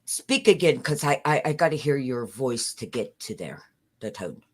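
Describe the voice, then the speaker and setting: A woman's voice: a bass voice, very animated, normal speed, darkish tone. An older woman calling into a livestream who speaks hesitantly, stammering and restarting, in an affectionate way. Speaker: caller. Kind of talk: casual livestream call-in.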